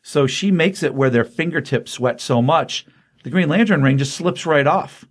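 A man's voice: a little high, moderate pace, husky. A man co-hosting a casual podcast, retelling a comic book story with enthusiasm, lots of fillers and loose paraphrased quotes. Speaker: podcast co-host recapping comics.

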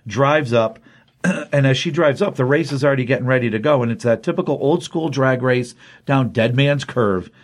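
A man's voice: mid-range voice, normal speed. Rambling, enthusiastic male comics host. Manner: rambling, enthusiastic, filler-heavy. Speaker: podcast co-host, comics reviewer. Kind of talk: casual chat, retelling a comic plot.

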